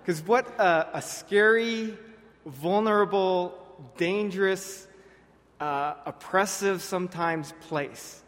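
A man preaching a sermon to his congregation, earnest and direct, often dropping soft on key words. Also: medium pitch. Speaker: pastor. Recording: long reverb of a large hall.

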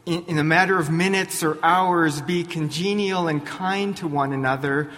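A man pastor preaching a sermon in a church, deliberate, posing rhetorical questions to his congregation. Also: a little high, fairly bright tone, in a large hall.

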